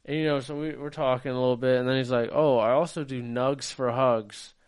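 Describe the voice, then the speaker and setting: A man's voice: mid-range voice, fairly even intonation, fairly quick, smooth. A man co-hosting a podcast, telling a story in casual chat, acting out quotes and swearing freely. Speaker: podcast co-host.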